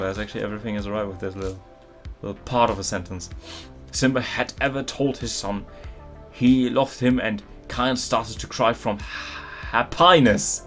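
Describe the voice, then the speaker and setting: A man reading a story aloud and mocking it, exasperated, laughing and swearing. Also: medium pitch. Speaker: channel host. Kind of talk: comedic dramatic reading and commentary.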